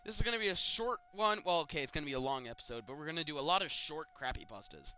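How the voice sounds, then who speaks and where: A young man reading creepypastas aloud and mocking them with sarcastic comments and loud outbursts. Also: on the high side, huge pitch swings, fast talker, clear, resonant tone. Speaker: creepypasta reader. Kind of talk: comedic dramatic reading with commentary.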